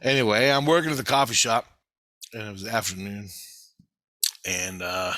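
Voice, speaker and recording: A man's voice: fairly low pitch, steady tone, normal speed, pushed and bright, dry recording. A man casually telling a personal story, rambling and swearing as he goes. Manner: rambling, profane, repeating phrases.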